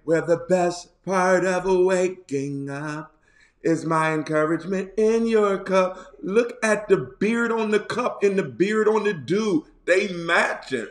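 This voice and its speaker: A male bishop and pastor gives a casual online sermon in a hoarse, higher voice with roomy echo. He's playful and joking, with drawn-out repeats and sudden loud outbursts.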